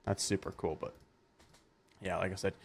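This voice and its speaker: A man with a fairly low voice hosts a casual fishing podcast. He talks with easy enthusiasm as he reacts to his guests. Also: steady tone, normal speed, vocal fry, slightly rough. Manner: enthusiastic, congratulating. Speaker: podcast host. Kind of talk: casual interview chat.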